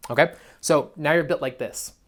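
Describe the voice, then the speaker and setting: A man's voice: a little high, normal speed, a bit bright. A young man, a dating coach, giving a blunt, profane, emphatic motivational monologue. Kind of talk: motivational self-help monologue.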